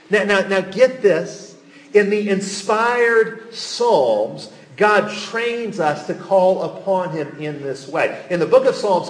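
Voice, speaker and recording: A man's voice: sits high, roomy sound. A man preaching a sermon, earnest and full of rhetorical questions, his voice lifting on the pleading passages. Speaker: pastor.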